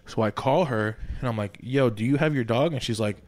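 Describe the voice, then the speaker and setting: Profane animated man telling a story. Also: mid-range voice, brisk. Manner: profane, animated, says "you feel me" often. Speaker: podcast co-host. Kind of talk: casual storytelling among friends.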